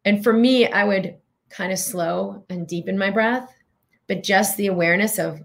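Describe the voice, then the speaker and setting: A woman's voice: medium pitch, normal speed, creaky. A middle-aged woman giving an earnest, reflective talk as a wellness coach, guiding listeners with questions.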